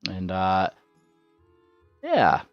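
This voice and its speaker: A man's voice: low voice, huge pitch swings, drawn-out words, no room sound, soft background music. A man running a tabletop game as game master, rambling with lots of fillers and repeated words. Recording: dull lo-fi sound.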